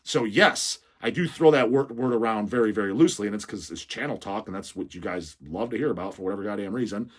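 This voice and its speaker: A man's voice: lowish voice, quick pace, hardly any pauses, breathy edge. A man hosting a metal channel, reading out viewer questions and answering them in a blunt, mocking, heavily profane rant. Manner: swears constantly, mocking and blunt.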